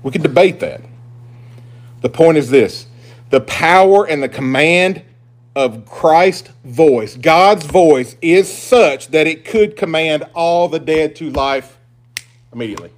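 A man pastor preaching a sermon, emphatic and swinging between loud declarations and hushed asides. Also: a little high, slow pace.

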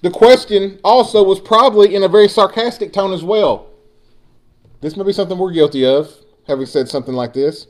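A man's voice: high-pitched, fairly quick. Man preaching with rising emphasis. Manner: preaching with swelling emphasis, addressing the congregation directly. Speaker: pastor. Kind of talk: sermon.

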